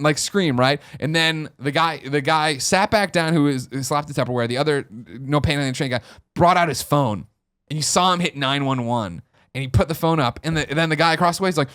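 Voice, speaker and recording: In a podcast studio, a male host tells a story in casual conversation, acting out the people he quotes. His voice is slightly high and fairly bright, and he talks quickly.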